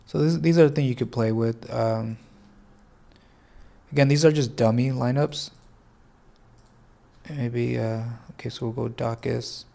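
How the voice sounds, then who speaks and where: Gravelly, congested man thinking aloud. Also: mid-range voice, fairly even intonation, a little slow, long pauses, dark tone. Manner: thinking aloud, hesitant, self-correcting. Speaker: fantasy sports tutorial host. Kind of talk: casual screen-share tutorial.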